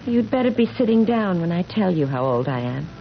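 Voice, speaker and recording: A woman's voice: on the low side, sing-song, fairly quick, vocal fry, very noisy. An actress playing an ageless young woman in a radio drama, earnest and insistent. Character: young woman who never ages, earnest and haunted. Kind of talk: 1970s radio drama acting. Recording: dull lo-fi radio broadcast.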